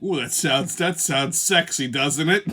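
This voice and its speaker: A man's voice: a little high, takes it slowly, pushed and bright. A man hosting a comedic monologue show, profane and laughing at his own jokes. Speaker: host.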